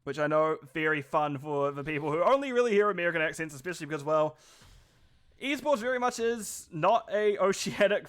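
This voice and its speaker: Male esports caster, New Zealand accent, slightly high voice, loose chatty play-by-play with joking asides. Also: expressive, a little fast, fairly bright tone. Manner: chatty, self-deprecating, rambling asides. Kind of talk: live esports play-by-play commentary.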